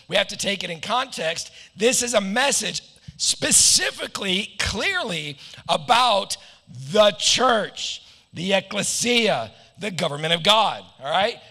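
Middle-aged american man, pastor preaching, playful joking asides, high gravelly voice, long hall reverb. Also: pushed and bright. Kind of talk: sermon.

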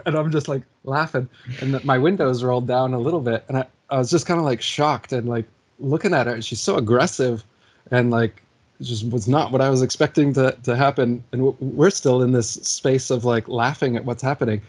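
Husky man in his forties telling stories. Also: medium pitch, fairly quick. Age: 40s. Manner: animated anecdote-telling, laughs often. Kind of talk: casual conversation, storytelling.

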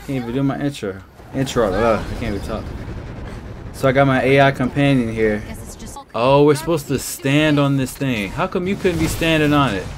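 A man hosting his gaming channel, reacting excitably and exclaiming as he plays. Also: medium pitch, moderate pace, slight background noise. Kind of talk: live gameplay commentary.

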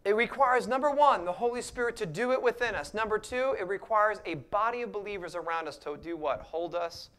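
A man preaching a sermon as pastor, dropping to hushed near-whispers and rising to loud emphatic passages, acting out the prayers and lines he quotes. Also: high-pitched, a little fast, few pauses, slight background noise. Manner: acts out quoted voices and prayers.

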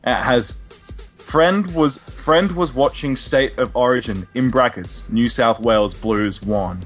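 A man's voice: medium pitch, slow, faint music behind. A young Australian man co-hosting a podcast, telling a story in a sweary, laughing way. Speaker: podcast co-host. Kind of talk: casual storytelling chat.

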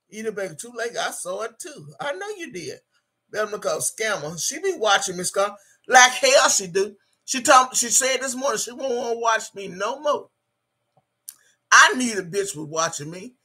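A woman's voice: on the high side, expressive, moderate pace, bright, forceful tone, breathy edge. A woman hosting a livestream, ranting in a profane, combative, repetitive way and reading out viewer chat. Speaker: livestream host. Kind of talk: angry livestream rant.

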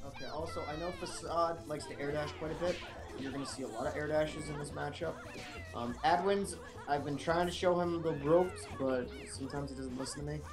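A man commentating a fighting-game match casually, coaching and explaining moves, quick to yell at big plays. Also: on the high side, steady tone, over music, crowd noise. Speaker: esports commentator.

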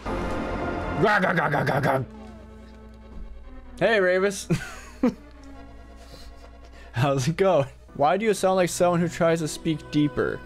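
A man's voice: a little high, slow pace, pauses often, soft background music. A man streaming a video game, tired and losing his voice, joking and laughing, with frick and freaking in place of swears. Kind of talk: casual live-stream commentary.

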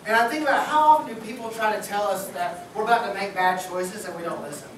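Man preaching in a booming hall. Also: fast talker, slight background noise. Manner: casual, joking, talks like a buddy. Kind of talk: sermon. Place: church sanctuary. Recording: echoey church hall from far off.

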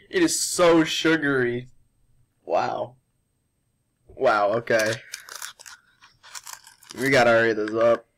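A man's voice: mid-range voice, steady tone, drawn-out words, long pauses, fairly bright tone. A young male vlogger doing a sugar challenge, worn out and dramatic, coughing and complaining between words. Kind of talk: casual vlog.

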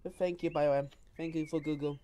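A woman's voice: low-pitched, fairly even intonation, fast, dark tone, highs cut off, a little hiss or hum. A woman recording herself playing an online VR game, joking around and trash-talking other players in casual chat. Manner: joking trash talk with repeated phrases.

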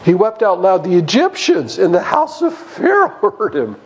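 A man's voice: high voice, huge pitch swings, normal speed, low-quality recording. A man preaching a Bible study sermon in a church, emphatic and chuckling as he goes.

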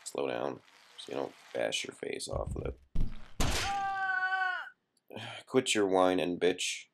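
A man's voice: deep voice, animated, normal speed, gravelly, slight background noise. A young man giving casual gameplay commentary, swearing constantly and yelping in frustration.

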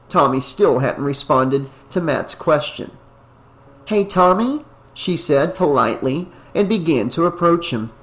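A man narrating a novel in a steady, even reading voice. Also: on the high side. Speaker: audiobook narrator. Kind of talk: scripted narration.

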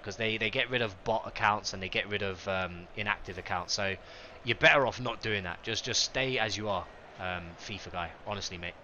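A young man streaming a football game live, chatting excitedly with viewers and reacting to the match. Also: lowish voice, highs cut off, slight background noise. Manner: excitable, chatty, greets chat by name.

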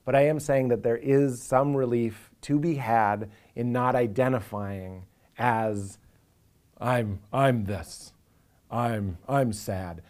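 A man's voice: mid-range voice, slow, darkish tone. A man, a comedian talking earnestly and with animation in a reflective interview, now and then acting out inner voices for a laugh.

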